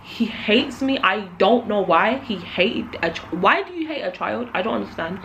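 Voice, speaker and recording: A young woman talks straight to camera in a loose, confessional vlog chat. She sounds jittery and emotional, trailing off and circling back with lots of likes. Her voice sits at a middling pitch, with a faint hiss of noise behind it. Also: expressive, normal speed, gravelly, a bit bright, rough recording. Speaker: beauty vlogger. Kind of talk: casual confessional chat while doing makeup.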